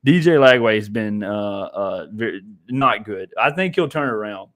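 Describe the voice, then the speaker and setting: A man's voice: fairly low pitch, lively intonation, moderate pace, fairly bright tone. A man co-hosting a casual sports podcast, rambling with frequent restarts and laughter. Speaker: podcast co-host.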